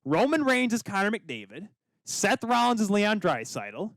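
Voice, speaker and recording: Lively goofy young man on a podcast. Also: sits high, a little slow, no room sound, clean studio sound. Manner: goofy, rambling, laughs a lot. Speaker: podcast co-host. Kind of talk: joking casual chat.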